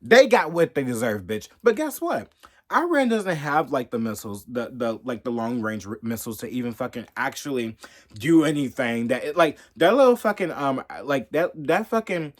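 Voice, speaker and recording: A man's voice: mid-range voice, sing-song, moderate pace. A man ranting angrily and cursing constantly in a casual vlog monologue. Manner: profane, heated, ranting. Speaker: commentator. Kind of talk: angry rant vlog.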